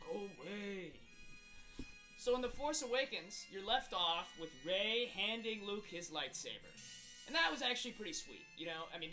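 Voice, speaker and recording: Here the video creator again plays himself as a hot-tempered young man, ranting comically with exasperation and one rhetorical question after another. He speaks in a high, bright, forceful voice, and the audio is poor.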